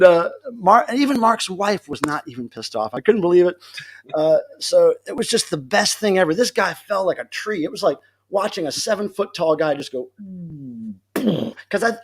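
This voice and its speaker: A man hosting a livestream from home, telling a story in a casual, animated way, laughing often and acting out what people said. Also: on the high side. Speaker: livestream host. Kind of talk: casual storytelling to a live chat.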